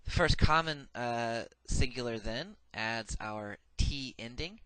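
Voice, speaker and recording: A man's voice: medium pitch, slow, sharp tone, clear, resonant tone, no echo. A man giving a recorded grammar lecture, methodical and patient, saying each form twice with frequent "uh" fillers. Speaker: Hebrew grammar teacher.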